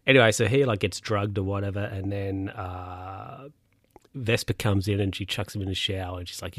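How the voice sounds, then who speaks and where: Bloke rambling through a film recap, low voice, dry close sound, lots of ums. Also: male voice, normal speed, a bit bright, no echo. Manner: rambling, lots of fillers and self-corrections.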